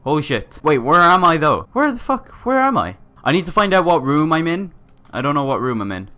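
A man giving let's-play commentary, excitable and swearing often as he reads on-screen text aloud. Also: on the high side, brisk. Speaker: gamer playing a survival game.

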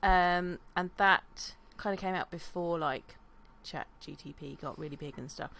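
Bright-voiced woman podcast co-host. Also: fairly low pitch, gravelly. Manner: easygoing, quick reactions. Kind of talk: casual chat.

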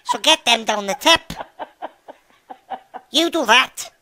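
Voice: medium pitch, expressive, slow pace, noisy background. Someone doing a brash, swearing Welsh man. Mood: bossy. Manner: bossy, swearing, barking orders. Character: brash foul-mouthed Welsh man, bossy and rude. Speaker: gaming video host. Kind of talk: comedic in-game role-play.

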